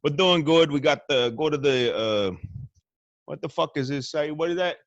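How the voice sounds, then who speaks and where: A man's voice: a little high, moderate pace, dry recording, lo-fi sound. A man guest-hosting a show with a crude, rambling and boastful comic monologue from a hotel room. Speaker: stand-in host.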